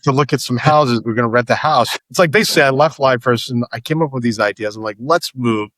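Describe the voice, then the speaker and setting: A man's voice: medium pitch, quick pace, a bit bright, dry recording. A man in his fifties, a startup founder telling stories as a podcast guest, rambling and restarting his sentences often. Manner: rambling storyteller, many restarts and repeated words. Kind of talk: casual podcast conversation.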